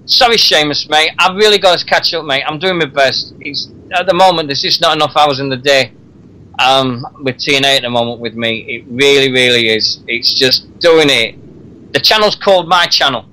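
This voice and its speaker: A man's voice: medium pitch, normal speed, sharp tone, poor audio. A man hosting a radio talk show, chatting casually and laughing often. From Britain. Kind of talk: casual wrestling chat.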